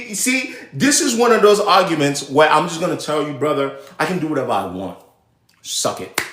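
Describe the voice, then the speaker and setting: Rambling man hosting a live show. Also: a little high. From Nigeria. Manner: animated, rambling, self-interrupting. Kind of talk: casual livestream commentary. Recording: echoey room.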